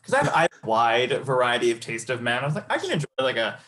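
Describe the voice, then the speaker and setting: A man's voice: medium pitch, sing-song, fast, pushed and bright, slight background noise. A man co-hosting a podcast, chatting and joking casually about a TV show. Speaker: podcast co-host. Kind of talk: casual chat.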